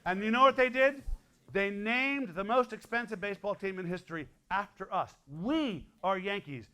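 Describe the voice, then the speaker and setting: Bright, high-voiced man in his sixties. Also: clean tone. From Connecticut. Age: 60s. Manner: playful, teasing, quick asides. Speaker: folk musician and guest performer. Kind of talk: joking stage patter to a school audience. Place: school hall, live audience.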